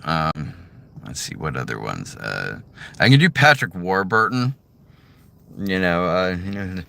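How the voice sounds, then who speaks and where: A man rambles casually in a parked car, his low, gravelly voice bright and edgy. His pitch jumps around a lot as he talks. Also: big pitch swings, measured pace. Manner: rambling, full of fillers. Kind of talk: casual talk about doing voices.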